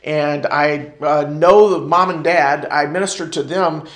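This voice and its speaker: A man's voice: fairly high pitch, fairly even intonation, measured pace, fairly bright tone, roomy sound. A man with an American accent teaching a church ministry class in sermon style, repeating key phrases and calling for responses from the room.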